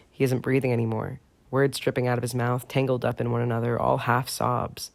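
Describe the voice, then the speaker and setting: Brief: male audiobook narrator, expressive reading with casual asides, dry close mic. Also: medium pitch, fairly quick, creaky, no echo. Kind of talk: fan fiction audiobook reading.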